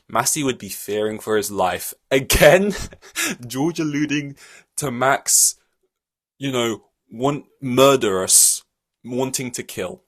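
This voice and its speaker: A man hosting a solo podcast, talking in a rambling, animated way full of fillers and restarts. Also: medium pitch, slow, pauses often. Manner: rambling and animated, many fillers and restarts, laughs between points. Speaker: podcast host. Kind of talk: solo casual podcast commentary.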